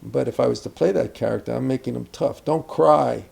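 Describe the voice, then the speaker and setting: A man's voice: mid-range voice, fast, vocal fry, mellow, husky. An older man, an acting teacher, speaking reflectively about character in a conversational interview, rambling with asides and restarts.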